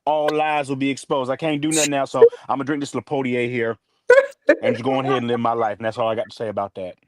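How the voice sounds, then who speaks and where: A man's voice: medium pitch, steady tone, fast, close to an everyday voice. A man doing a comic impression of a brash, rambling middle-aged male sports pundit. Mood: boastful.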